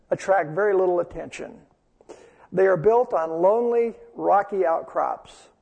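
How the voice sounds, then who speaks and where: A man's voice: high voice, gravelly, a little mellow, in a large hall. A man preaching a sermon as pastor, telling a story earnestly and repeating phrases for emphasis.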